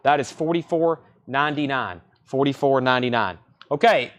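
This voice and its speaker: A man running a live-stream record sale from behind a shop counter. He reels off album titles and prices in a quick, matter-of-fact patter and says them twice. His voice sits a little high for a man. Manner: brisk, repeats titles and prices. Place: record store.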